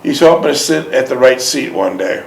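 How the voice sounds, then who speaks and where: A man's voice: mid-range voice, expressive, normal speed, vocal fry. A man hosting an interview, patiently asking questions and repeating them. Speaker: interviewer host. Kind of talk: casual interview. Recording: roomy echo.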